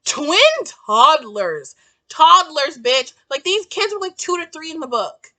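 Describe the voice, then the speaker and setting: A young woman at home giving a profane, exasperated, ranty book review in a casual, animated way. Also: high-pitched, slow.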